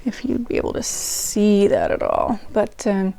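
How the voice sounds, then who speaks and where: A woman's voice: mid-range voice, wildly swooping pitch, a little slow, gravelly, mellow. A woman hosting a diary-reading channel, chatting to viewers in a rambling way. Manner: rambling and chatty, with many ums and restarts. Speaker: host reading old diaries. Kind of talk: casual chat to viewers. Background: faint ragtime music.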